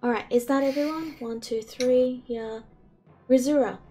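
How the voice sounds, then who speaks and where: A woman acting as game master, narrating scenes and briskly directing the players. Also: high-pitched, fairly even intonation, dark tone.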